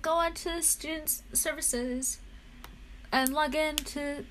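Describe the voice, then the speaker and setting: A young woman talking to her viewers at an unhurried pace while she clicks around her computer. Her voice sits a little high, and she sounds anxious and jittery, swearing freely and slipping in nervous laughs. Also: fairly even intonation, a bit bright, a little hiss or hum. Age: young adult. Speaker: vlogger. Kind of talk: casual chat while browsing a computer.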